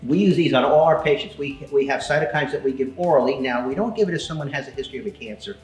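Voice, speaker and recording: A man's voice: medium pitch, quick pace, a little mellow, reverberant, faint music behind. Chatty man giving a slide seminar. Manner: casual, chatty, quizzes the audience. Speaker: seminar speaker. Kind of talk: live seminar talk with slides.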